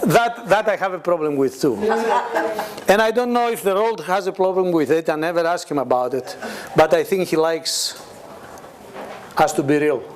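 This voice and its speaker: Amid crowd noise, a man with a fairly high pitch speaks at a normal pace. He is a guest preacher giving a conversational testimony to a responding church congregation, laughing a lot and animatedly voicing the people he quotes in his stories.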